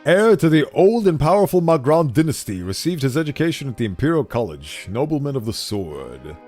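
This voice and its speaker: Animated male game streamer. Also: medium pitch, brisk, soft background music. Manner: animated, self-deprecating, laughs often. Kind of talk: casual commentary while playing.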